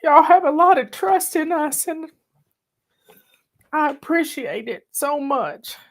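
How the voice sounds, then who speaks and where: Slow, teary woman host. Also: sits high, lively intonation. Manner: folksy, warm-hearted, emotional, drawling. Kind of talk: casual live video chat.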